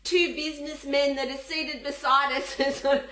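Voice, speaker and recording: An Australian woman telling funny stories to an audience, animated and laughing, acting out the people in them. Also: high voice, moderate pace, roomy sound. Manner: animated, laughing, acts out voices in her stories. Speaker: speaker. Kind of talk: humorous storytelling talk.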